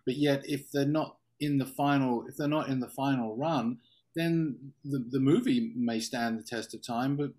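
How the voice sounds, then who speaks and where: Earnest mid-voiced man, interview guest, pauses and restarts. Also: mid-range voice. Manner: earnest, halting, falls quiet at phrase ends. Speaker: production sound mixer, interview guest. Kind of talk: casual interview talk.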